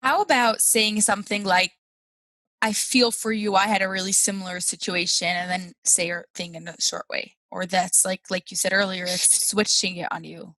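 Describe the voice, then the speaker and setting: Bright-voiced woman podcast host. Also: medium pitch, steady tone, moderate pace, no echo, poor audio. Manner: asks questions, laughs easily, uses "like" a lot. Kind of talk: casual interview chat.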